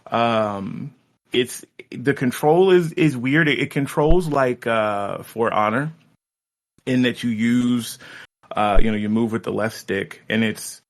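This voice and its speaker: A congested man co-hosting a gaming podcast, rambling in a laid-back way with lots of pauses. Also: lowish voice, a bit bright. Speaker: podcast co-host. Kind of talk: casual gaming chat.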